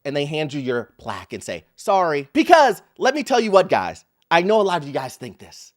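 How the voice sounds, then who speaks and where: A man's voice: a little high, huge pitch swings, fairly quick. A man hosting a commentary video, emphatic and mocking, acting out quotes as he reacts to clips. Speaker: host.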